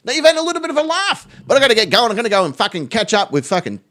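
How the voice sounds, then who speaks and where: A man hosts a live stream, joking and swearing freely as he chats. His voice sits high and swings widely in pitch, bouncing up and down. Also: very animated, rapid-fire, fairly bright tone. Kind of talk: casual live stream chat.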